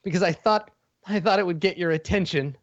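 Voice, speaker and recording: A man's voice: high voice, brisk, highs cut off, voice pushed up, lightly acted. A man voicing a small, furry, lovesick female creature who stammers as she pleads. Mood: tearful pleading.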